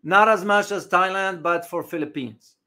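Bright-voiced man on a live-stream rant. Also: sits high, normal speed. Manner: reads out chat comments, rambling with many fillers. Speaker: host of a live geopolitics stream. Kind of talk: unscripted live-stream commentary.

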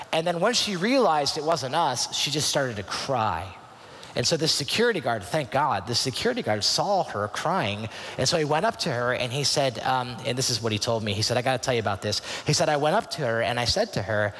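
A man in his thirties tells a personal story to a youth conference, earnest and confiding, with frequent restarts. His voice sits in a middle pitch range and carries a long reverb from a large hall. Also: a bit bright. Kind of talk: storytelling sermon.

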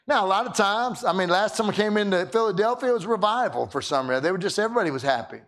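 High, animated man preaching a sermon. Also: quick pace. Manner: animated, repeats words when starting sentences. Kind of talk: sermon with storytelling.

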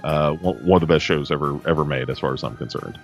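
A man's voice: rumbling low, fast talker, soft background music. A man from the United States co-hosting a film podcast in casual chat, rambling and often restarting his sentences. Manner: rambling, self-interrupting, chatty. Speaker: podcast co-host.

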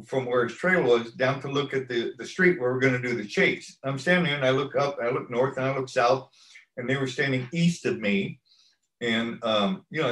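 The interview guest, a stunt coordinator, wanders through a long story at an easy pace, imitating the people he quotes. His medium-pitched voice has a fairly bright tone, though the echoey room and poor audio muddy it.

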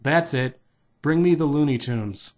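A man's voice: fairly high pitch, unhurried, a little mellow, lo-fi sound, natural voice. A man reading the lines of an angry, big green alien theme park boss from a storybook. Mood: demanding. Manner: demanding, blustering.

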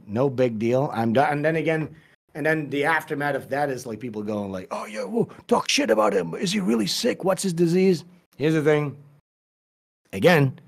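A man telling a story as a podcast guest, casual, profane and rambling, with many restarts. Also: medium pitch.

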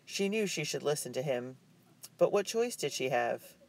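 Guy reading an audiobook chapter, calm even storytelling voice. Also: a little high, moderate pace. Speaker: audiobook narrator. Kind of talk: scripted audiobook narration.

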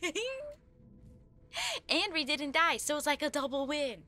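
Giddy high-voiced woman streamer. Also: measured pace. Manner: giddy, excitable, laughs often. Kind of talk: live gameplay commentary.

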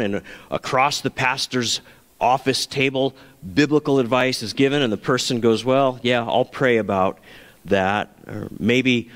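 A man's voice: mid-range voice, big-room sound. A man preaching a sermon as pastor, earnest, now and then acting out the voices he quotes.

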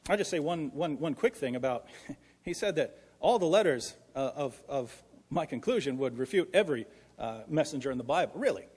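A man arguing earnestly in a formal debate, pleading and restarting often, with a husky voice. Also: fairly high pitch, a little mellow. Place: debate hall. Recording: echoey hall with long reverb.

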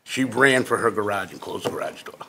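A man's voice: lowish voice, a little fast, gravelly, background noise. Hesitant man heard from far off in an echoey room. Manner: hesitant, unsure. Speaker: complainant's son. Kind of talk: public hearing question.

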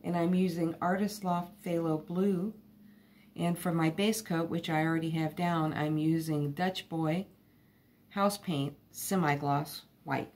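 A woman's voice: sits low, fairly even intonation, unhurried, darkish tone. A woman hosting her own art channel, casually talking through each step of a painting technique in a chatty, lightly self-deprecating way.

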